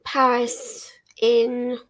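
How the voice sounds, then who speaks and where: A young woman talks casually to her viewers from her living room. Her voice sits fairly high. She rambles, laughs easily and drops the odd swear word. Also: completely flat delivery, drawn-out words. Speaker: livestream host. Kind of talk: casual chat while reading chat aloud.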